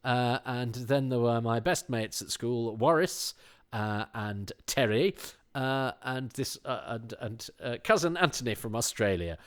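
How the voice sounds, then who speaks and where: A man's voice: mid-range voice, expressive, darkish tone, clear, resonant tone, close to an everyday voice. A man putting on an accent to play a young man reciting a list of his relatives and school friends. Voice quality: put-on accent, slow and deliberate.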